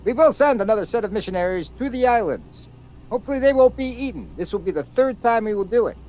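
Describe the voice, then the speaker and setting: A man doing a stiff, grandly announcing British colonial official in a put-on mock accent. The voice sits higher than usual and swoops widely as he declares each line. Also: animated, fast talker, darkish tone, poor audio. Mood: pompous.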